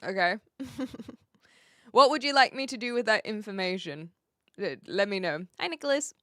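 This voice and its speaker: A woman's voice: medium pitch, animated, normal speed, fairly bright tone, no echo, clean studio sound. A woman from New Zealand with a light accent, chatting casually with viewers on a live stream, laughing often and trailing off mid-sentence.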